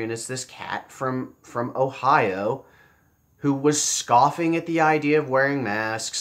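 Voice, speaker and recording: A man giving casual commentary, blunt and profane, with a sarcastic edge, often repeating phrases for emphasis. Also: medium pitch. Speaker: political commentator.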